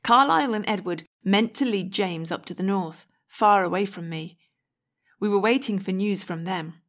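A woman narrates a first-person story in a clear, measured reading voice. Her pitch sits in the middle range, and she paces the storytelling evenly. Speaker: audiobook reader.

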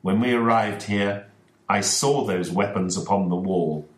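A man voicing a calm, precise male detective in a storybook reading, explaining in a measured way. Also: on the low side, close to an everyday voice. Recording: echoey room.

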